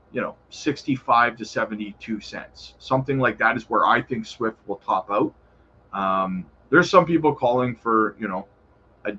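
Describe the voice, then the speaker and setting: Speaking at medium pitch in a pushed, bright way, a man runs a relaxed crypto livestream where he reads out questions from chat. He answers in a friendly, easygoing manner and addresses viewers as "brother," over dull audio with a little background noise.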